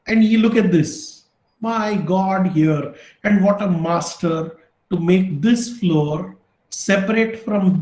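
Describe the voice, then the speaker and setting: High-voiced Indian man lecturing online. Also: darkish tone, echoey room, poor audio. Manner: enthusiastic, repetitive exhortations, mixes in Hindi. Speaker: architecture lecturer.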